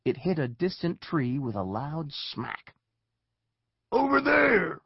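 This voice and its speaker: A man narrating a children's story with expressive storytelling. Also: medium pitch, unhurried, slightly rough, dry recording, dull audio. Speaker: audiobook narrator.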